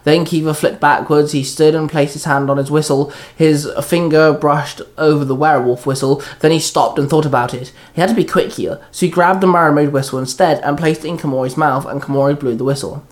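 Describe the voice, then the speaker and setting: Male amateur narrator, plain steady reading, slightly high. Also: fairly quick, hardly any pauses. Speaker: reader. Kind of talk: reading fan fiction aloud.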